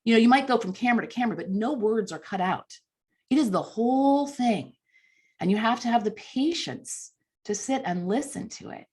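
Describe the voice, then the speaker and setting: A woman in her fifties, a communications coach giving a lively, chatty storytelling speech at a conference. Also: a little high, moderate pace, slightly rough. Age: 50s. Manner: lively, chatty, self-deprecating.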